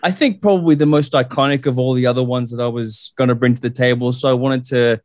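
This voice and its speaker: A man's voice: medium pitch, fairly even intonation, fast talker, dry recording. Australian man, guest co-host, eager, stammers, dry close mic. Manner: stammering, repeats words, enthusiastic. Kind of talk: casual movie podcast chat.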